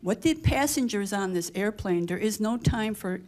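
A woman from the audience asking a priest a question, halting and restarting as she speaks. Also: medium pitch, animated, a little mellow. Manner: hesitant, restarts mid-sentence.

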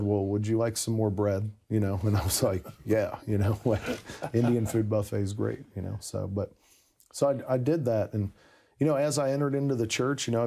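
Gravelly low-voiced man telling his story. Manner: animated, self-interrupting, many "you know" asides. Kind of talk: casual interview storytelling.

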